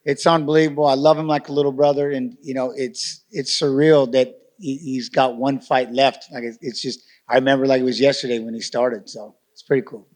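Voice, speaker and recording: A man's voice: medium pitch, steady tone, brisk, few pauses, a little mellow. A man on a fighters' panel telling a fond, chuckling story in a casual way.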